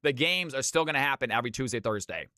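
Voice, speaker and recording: Bright, hyped male streamer. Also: lively intonation, quick pace, no room sound, clean studio sound. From Georgia, US. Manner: high-energy, hyped. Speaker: streamer and game caster. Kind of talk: live game-stream casting and chat.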